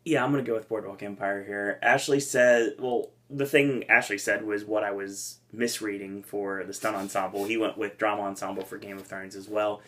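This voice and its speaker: A man with a fairly low voice, co-hosting a relaxed awards-prediction chat. He laughs easily and reads out a colleague's predictions in between his own picks. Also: normal speed, few pauses. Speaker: podcast co-host.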